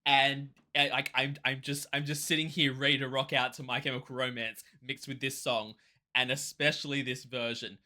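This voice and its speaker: Man, music reaction host, casual commentary, bright ringing tone, enthusiastic rambling. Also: mid-range voice. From Australia. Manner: excitable, rambling with quick restarts.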